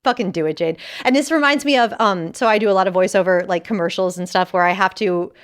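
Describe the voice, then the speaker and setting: A young woman co-hosting a casual podcast, animated and laughing often as she reads quotes aloud. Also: mid-range voice, quick pace, smooth. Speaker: podcast co-host.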